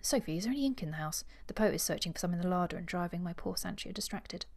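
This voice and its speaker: Woman, lowish voice, lively reader, acts out dialogue, casual book chat. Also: fast. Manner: expressive reader, acts out dialogue, laughs easily. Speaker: podcast co-host. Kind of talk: reading a novel aloud, then casual chat.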